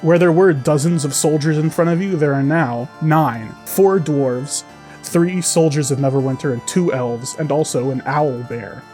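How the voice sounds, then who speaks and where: A man's voice: on the high side, moderate pace, mellow, soft background music. A man narrating as game master, describing scenes vividly with many fillers.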